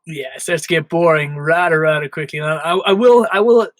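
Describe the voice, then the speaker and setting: A man's voice: fairly high pitch, a little fast, a bit bright, no echo. A man hosting a podcast in a casual chat, tripping over his words and poking fun at himself. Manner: self-mocking, trips over words. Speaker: podcast host.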